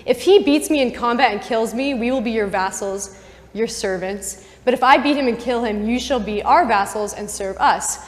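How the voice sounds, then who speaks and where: A woman's voice: a little high, moderate pace, close to an everyday voice. A woman voicing a boastful giant warrior in casual modern phrasing, in a chapel with long reverb. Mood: taunting.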